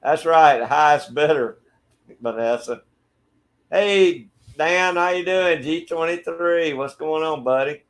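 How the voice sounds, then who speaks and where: A man's voice: a little high, slow. Laid-back Southern man chatting with viewers. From Georgia, USA. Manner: friendly, laid-back, greets viewers by name. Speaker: livestream host. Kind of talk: casual chat reading viewer comments. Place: backyard shed.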